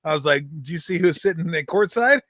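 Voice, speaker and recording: A man's voice: a little high, fast talker, dry recording. A middle-aged man hosting a sports talk show, telling jokey stories in casual chat. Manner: storytelling, jokey, animated retellings. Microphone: streaming call mic.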